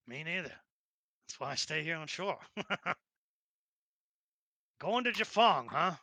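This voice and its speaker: A man's voice: a little high, animated, slow pace, creaky, pauses often, sharp tone, no echo, exaggerated voice. A man voicing a gossipy dockside trader with a put-on Brooklyn accent. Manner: chatty, laughing often.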